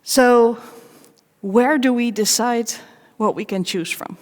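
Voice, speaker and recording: A woman giving a live conference talk, candid and personal, with wry self-mocking asides and measured pauses between short phrases. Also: fairly high pitch. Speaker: conference speaker. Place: large conference hall. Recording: long reverb of a big hall.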